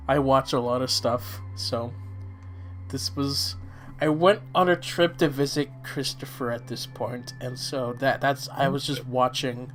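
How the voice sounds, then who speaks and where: A man chatting casually as co-host, slightly hoarse, with a relaxed manner that trails off. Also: mid-range voice, slight background noise. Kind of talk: casual chat.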